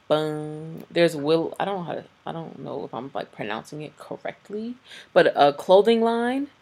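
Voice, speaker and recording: Blunt, profane young woman podcaster. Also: low voice. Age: 20s. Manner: blunt, profane, animated ranting. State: tired. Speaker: podcast host. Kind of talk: casual solo podcast rant.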